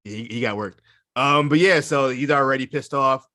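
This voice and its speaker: A man co-hosting a wrestling podcast, chatting quickly with self-mocking jokes. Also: medium pitch, sharp tone, dry recording, studio quality. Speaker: podcast co-host. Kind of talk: casual wrestling chat.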